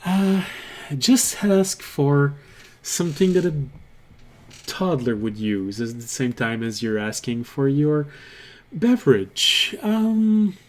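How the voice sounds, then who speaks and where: A man voicing a sly male tavern keeper who makes a smooth sales pitch for shady goods. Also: sing-song, slow pace, a little hiss or hum. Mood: amused. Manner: chuckling, smooth salesman patter.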